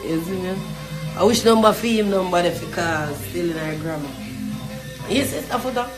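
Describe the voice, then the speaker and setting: A woman's voice: fairly low pitch, normal speed. A Jamaican woman ranting in patois, mocking and boisterous, chanting and singing her taunts. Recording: echoey room with loud music behind.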